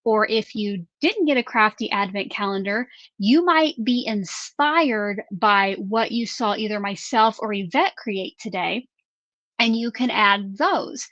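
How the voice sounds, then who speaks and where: A woman co-hosting a crafting livestream in a casual, chatty way, answering viewer questions and announcing giveaway winners with drawn-out reveals. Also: medium pitch, expressive, fairly bright tone, dry recording. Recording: slightly muffled dry livestream audio.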